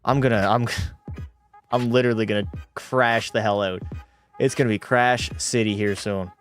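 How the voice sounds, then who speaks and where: A young man streams a hockey video game, giving live commentary and talking to his chat while he rants in frustration and swears at the game. His voice is fairly low and steady, at normal speed, with faint music behind.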